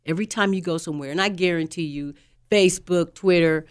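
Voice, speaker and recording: A woman guest on a talk show, a leadership coach explaining communication styles in an animated, teaching manner. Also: fairly low pitch, fast, clean tone.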